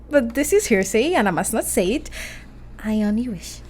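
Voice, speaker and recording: A woman's voice: on the high side, big pitch swings, a little slow, a little mellow. A woman playing a romantic, emotional young English woman in a radio play, talking in a breathless, girlish way. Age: young adult.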